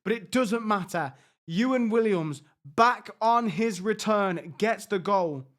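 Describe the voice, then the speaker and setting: Brief: high-pitched gamer, excitable, frustrated reaction commentary. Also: male voice, takes it slowly. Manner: exasperated, excitable, talks to his players. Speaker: gaming YouTuber. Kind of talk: live reaction commentary on a football management game.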